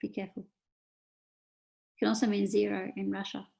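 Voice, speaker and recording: An Australian woman gives a relaxed lecture over slides, talking her students through each point. She moves between topics with small fillers and asides, at a middle pitch and easy pace. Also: unhurried, creaky, slight background noise. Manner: explains casually, many fillers and asides. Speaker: teacher.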